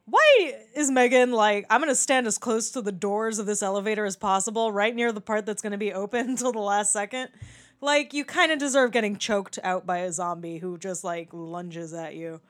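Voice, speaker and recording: A woman's voice: mid-range voice, normal speed. A woman in a casual movie discussion, chatty and swearing freely, laughing often and acting out quoted lines. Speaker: podcast co-host.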